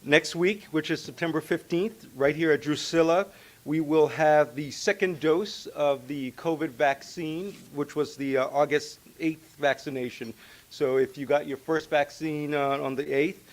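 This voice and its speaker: A man making steady, businesslike announcements at a club meeting. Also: fairly high pitch, measured pace.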